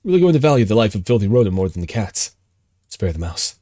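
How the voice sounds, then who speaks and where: A man voicing a demanding, hungry giant cat in a horror game, speaking low, quiet and threatening. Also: sing-song, quick pace, no room sound, clean studio sound. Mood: menacing.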